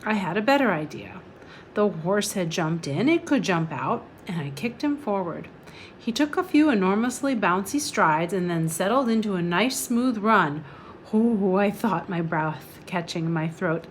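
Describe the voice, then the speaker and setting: Woman calmly reading a novel aloud. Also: medium pitch, moderate pace, slight background noise.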